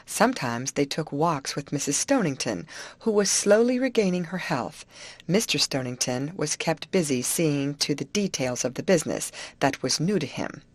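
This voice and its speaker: Low-voiced woman reading an audiobook. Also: moderate pace, dry recording. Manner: clear, expressive storytelling. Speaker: audiobook narrator.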